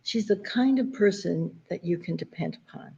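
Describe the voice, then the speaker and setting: A woman's voice: fairly low pitch, animated, normal speed, creaky, breathy edge, dull audio. A woman giving a heartfelt, emotional tribute to a friend, her voice catching as she speaks. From New York area. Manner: warm and emotional, voice catching near tears. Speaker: guest speaker, friend of the poet.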